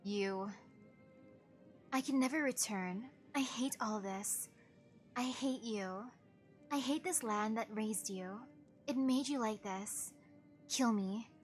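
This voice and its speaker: A vengeful young woman villain speaks low and hushed, her resentment coming through in slow, broken phrases, as a woman streamer voices her. Her voice sits a little high for a woman. Faint music plays behind her. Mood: bitter.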